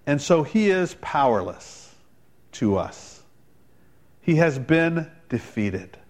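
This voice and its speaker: Male pastor, sermon delivery, a touch high-pitched, punchy quoted asides, builds to forceful climaxes. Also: sing-song, takes it slowly. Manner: preaching with dramatic rises in pitch and volume; quotes others in voiced asides.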